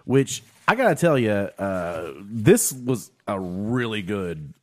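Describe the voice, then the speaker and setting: Lively rambling male podcast host. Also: takes it slowly. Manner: rambling, swearing, lively pitch. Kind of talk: casual chat with friends.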